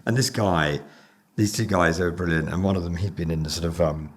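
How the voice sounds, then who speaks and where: Brief older man, deep, chatty, swears freely, podcast guest. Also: brisk, slight background noise. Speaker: podcast guest, brand founder. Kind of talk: casual chat.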